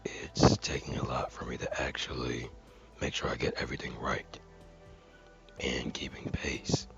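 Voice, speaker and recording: A man's voice: very deep voice, little pitch movement, unhurried, gravelly, lo-fi sound, faint music behind. A man earnestly reading a viewer comment aloud, carefully and with dramatic stresses.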